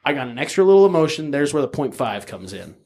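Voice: mid-range voice, big pitch swings, fast talker, darkish tone. A podcast co-host giving a frank, jokey, swear-heavy film review in casual chat.

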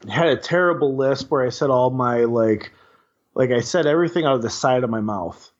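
A man's voice: medium pitch, fairly quick, highs cut off. A young man from Wisconsin, co-hosting a podcast, telling a long story in casual chat, rambling and swearing with lots of fillers. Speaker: podcast co-host.

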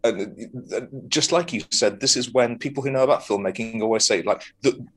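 A man's voice: mid-range voice, a little fast, a bit bright, husky. A man co-hosting a podcast, chatting casually about a TV episode, rambling with lots of ums, restarts and swearing. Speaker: podcast co-host. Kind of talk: casual film review chat.

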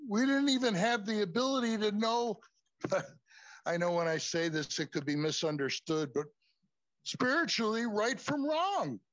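Male preacher with a high voice, informal classroom sermon, muffled and dry recording. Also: very animated, a little slow, no echo. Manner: conversational, repeatedly says "folks".

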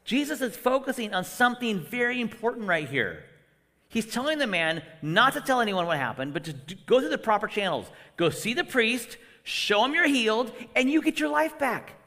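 A man preaches with a high, bright voice that swings wildly up and down. His delivery is animated, leaping from hushed whispers to loud bursts as he acts out quotes, and the sound rings with the long reverb of a large hall. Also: moderate pace. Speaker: guest preacher. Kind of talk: sermon.

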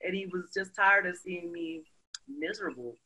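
A woman, a guest in a casual interview, telling her story with energy and leaning on lots of "you know"s. Her voice has a bright, forceful edge that carries each line. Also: on the low side, normal speed, low-quality recording. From Brooklyn, New York.

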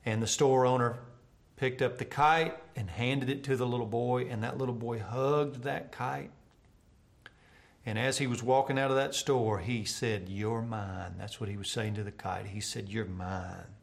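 A man, a pastor, preaching a televised sermon and telling an illustration story, often dropping his voice soft for tender moments. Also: medium pitch, normal speed, gravelly. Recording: televised church broadcast.

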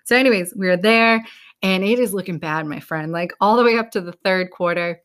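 A woman's voice: mid-range voice, fairly quick, a bit bright, clear, resonant tone. Upbeat New woman giving a pep talk. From New England. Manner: upbeat, casual, swears now and then. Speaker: podcast host.

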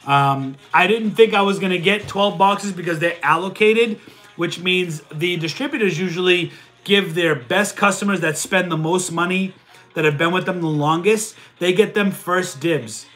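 A man hosting a casual livestream, reading viewers' comments and answering them in a loud, energetic way, working sums out aloud. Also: high-pitched, normal speed, faint music behind. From Italian heritage. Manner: loud and energetic, says he yells. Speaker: livestream host answering chat.

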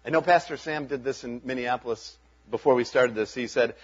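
A man's voice: medium pitch, brisk, breathy edge, highs cut off. A man preaching a sermon as pastor, talking in an earnest, conversational way and chuckling between points.

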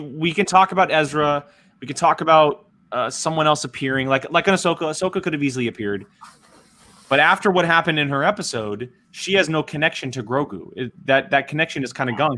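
Brief: male podcast host, excitable, profane, mid-pitched, loose chat. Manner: excited, swears freely. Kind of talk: casual recap chat.

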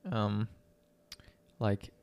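A man's voice: fairly low pitch, drawn-out words, no echo. A young man co-hosting a podcast, chatting casually with fillers and reading news articles aloud. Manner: relaxed, rambling with fillers. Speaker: podcast co-host.

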